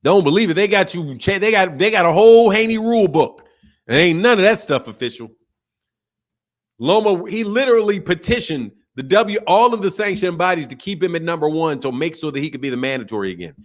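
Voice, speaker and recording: A man's voice: high voice, expressive, brisk. A man hosting a boxing talk stream from home, emphatic and slangy, repeating his points over and over. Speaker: boxing channel host. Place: home indoors.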